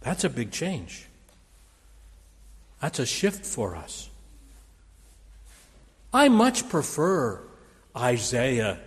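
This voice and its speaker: Pastor, man, mid-pitched, theatrical preaching style, recorded in a reverberant sanctuary. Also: huge pitch swings, very slow, pauses often. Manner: dramatic, quoting scripture with raised force. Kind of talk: sermon. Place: church sanctuary.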